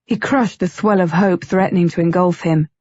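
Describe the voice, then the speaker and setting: A woman narrating an audiobook in a measured, even storytelling manner. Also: fairly low pitch, no echo, muffled recording. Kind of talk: scripted narration.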